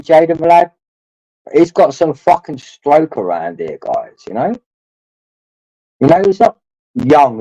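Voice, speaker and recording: A man rambles through a livestream chat, swearing freely and calling his viewers lads while he nurses a drink. His voice is dark and mellow and rises and falls a great deal. The audio is dull and dry, like a cheap stream mic. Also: on the high side, dry recording.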